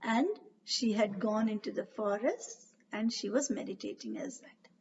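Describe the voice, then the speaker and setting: A woman narrating a myth as a storyteller, unhurried and with frequent hesitations. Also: mid-range voice, a little mellow, a little hiss or hum. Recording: dull, distant recording.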